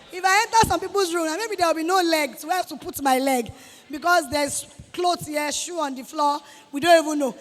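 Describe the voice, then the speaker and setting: A woman with a Nigerian accent giving an animated motivational talk to students, scolding them and acting out quoted voices. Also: high voice, long reverb tail. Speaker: guest speaker to students. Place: hall with students.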